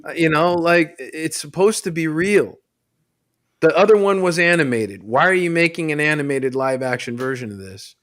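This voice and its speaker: A man's voice: fairly high pitch, normal speed, a bit bright. A man on a podcast panel chatting casually, mocking and swearing, often laughing.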